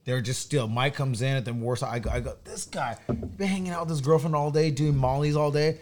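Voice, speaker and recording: Man, fast talker, profane, rambling, restarts often, casual chat. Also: mid-range voice, fairly even intonation, a little mellow.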